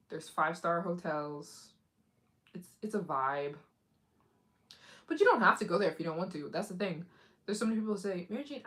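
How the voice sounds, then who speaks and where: A woman's voice: lowish voice, a bit bright. A woman hosting a casual live stream as a travel vlogger. She chats straight to her viewers, giggles often, and acts out other people's lines in put-on voices. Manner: chatty, addresses viewers directly.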